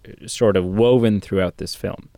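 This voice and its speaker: A man co-hosting a casual film review podcast, talking in a rambling, hesitant way with many pauses. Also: on the low side, fairly even intonation, vocal fry, dark tone. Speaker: podcast co-host.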